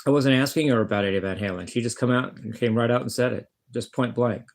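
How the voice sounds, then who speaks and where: With fairly even intonation and a quick pace, the mid-range-voiced vlogger and guitarist delivers a casual, rambling talk to camera. He is blunt and profane, stammering and restarting his sentences frequently.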